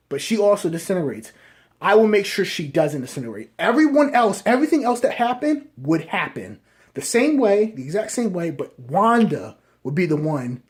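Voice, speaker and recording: A man's voice: on the high side, a little mellow. A man giving a casual, rambling spoken movie review who keeps adding "right?" and restarts his sentences.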